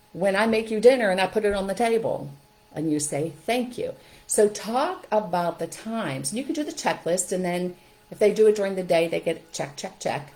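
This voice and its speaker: A middle-aged woman talks straight to the camera, upbeat and practical, checking in with her listeners as she goes. Her voice sits a little on the low side. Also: a little mellow, poor audio. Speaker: host. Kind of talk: casual how-to talk to camera.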